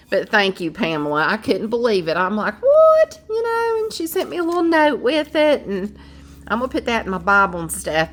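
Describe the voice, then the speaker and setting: A middle-aged woman, chatting casually to her vlog viewers in a loud, brash way, rambling with many fillers and frequent laughs. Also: fairly low pitch. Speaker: vlogger.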